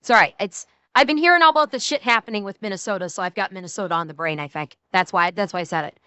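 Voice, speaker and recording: A woman streamer reacting to a video, excitable and rambling, swearing freely and correcting herself often. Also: medium pitch, fast, clear, resonant tone, no room sound. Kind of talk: casual reaction commentary.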